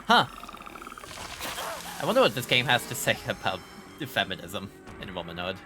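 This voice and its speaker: A man's voice: lowish voice, wildly swooping pitch, moderate pace, music in the background. A man streaming a horror game live, joking with chat and reacting aloud as he plays. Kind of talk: live gameplay commentary.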